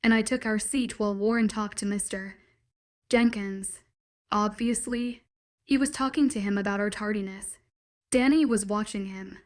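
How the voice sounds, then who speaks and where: A woman's voice: mid-range voice, steady tone, moderate pace. Woman narrating a romance audiobook.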